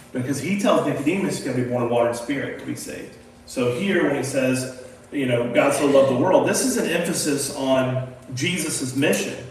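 A man leading a casual Bible discussion in a folksy, emphatic way, often asking rhetorical questions. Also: a little high. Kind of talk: casual Bible study talk. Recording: echoey room, distant mic, faint noise.

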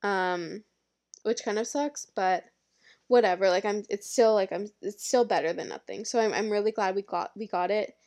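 A woman's voice: medium pitch, moderate pace, darkish tone. A young woman hosting a casual podcast, gushing and rambling about a film with lots of "like" and restarts. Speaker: podcast host. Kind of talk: casual movie review chat.

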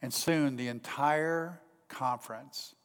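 A man preaching a sermon in an earnest way, pressing his points with rising emphasis and then dropping to hushed, quiet tones. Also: medium pitch, slow, clean tone, in a large hall. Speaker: pastor.

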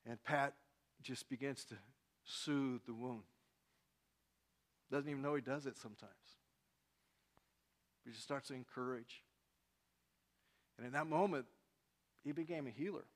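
A male pastor preaching a sermon, swinging from loud, emphatic lines to quiet, personal confiding. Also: mid-range voice, unhurried, long pauses.

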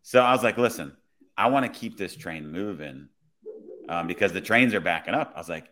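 A man, a police officer, telling a work story in a relaxed, conversational way. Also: sits low, brisk. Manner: relaxed, conversational, many "I was like" retellings. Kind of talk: casual storytelling.

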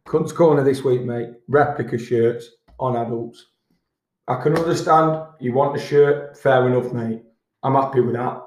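A man's voice: medium pitch, normal speed, darkish tone, slight background noise. A middle-aged man, hosting a casual podcast and ranting bluntly with plenty of swearing. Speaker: podcast host. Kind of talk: casual pub-style chat. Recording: echoey room.

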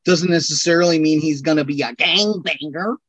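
A man with a Californian accent and a fairly high voice, rambling through a casual podcast chat in an animated way with sudden loud bursts. The recording is dull and lo-fi. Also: fairly quick, husky. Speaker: podcast guest. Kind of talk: casual conversation.

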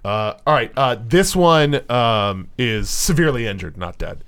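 A man narrating as game master of a tabletop role-playing game, in a loose, halting way with many fillers. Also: mid-range voice, expressive, a bit bright, clean tone.

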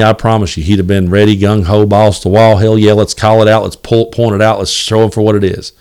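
A man's voice: fairly low pitch, flat delivery, quick pace, few pauses, a little mellow, clear, resonant tone. A man hosting a solo podcast, talking in a blunt, fired-up and profane way, often repeating words as he restarts. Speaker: podcast host.

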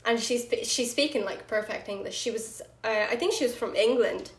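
A woman telling a story in a casual chat, animated, full of "like" and "right?", laughing often. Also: on the high side, a little fast. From Ireland. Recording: roomy echo.

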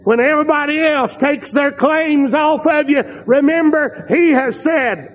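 A man's voice: very high-pitched, measured pace, few pauses. A man preaching a sermon, telling a story and building to fervent, emphatic peaks with repeated phrases. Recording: long hall reverb, dull lo-fi sound.

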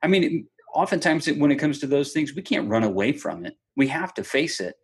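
Husky male host, thoughtful and affirming. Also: fairly high pitch, lively intonation, fairly quick. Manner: thoughtful, affirming, building on the guest's point. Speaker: podcast host. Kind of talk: reflective conversational interview.

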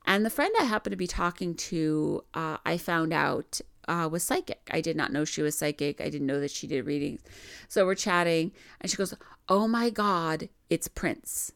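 Woman podcaster from minnesota, chatty storyteller, smooth voice with some gravel in it. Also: deep voice, normal speed. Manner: chatty, laughing often, frequent "like" fillers. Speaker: podcast host. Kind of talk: casual spiritual storytelling.

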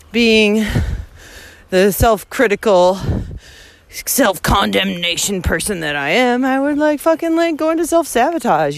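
A woman's voice: medium pitch, no echo. A woman vlogging from a hiking trail on her phone, talking heatedly with heavy swearing and frequent laughter. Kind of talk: casual walking vlog. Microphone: handheld phone.

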